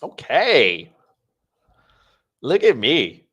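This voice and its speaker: A man's voice: medium pitch, huge pitch swings, drawn-out words, fairly bright tone, husky. A male podcast host thinking aloud on a live stream, playing a trivia game and talking to his chat. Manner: talks to chat.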